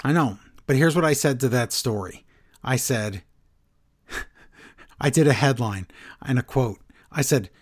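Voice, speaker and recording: A man's voice: medium pitch, measured pace, pauses often. A man co-hosting a casual podcast, talking in a sarcastic, joking way. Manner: sarcastic, does mocking impressions. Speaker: podcast co-host. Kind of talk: casual wrestling chat.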